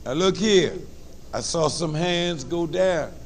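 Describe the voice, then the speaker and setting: A man with a New Orleans accent giving a lively motivational talk to high school students, with call-and-response and humor. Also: slow, slight background noise. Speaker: motivational speaker.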